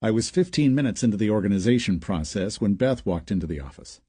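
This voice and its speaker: A male audiobook narrator reading a crime story in first person. His voice is dark and mellow, steady and measured. The recording is dry and close. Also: fairly low pitch, husky, dry recording.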